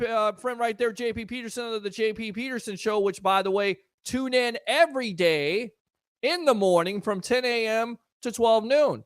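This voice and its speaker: High-voiced, sarcastic sports talk host man. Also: no room sound, clean studio sound. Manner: sarcastic, riffing, chatty with listeners. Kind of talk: casual sports talk show.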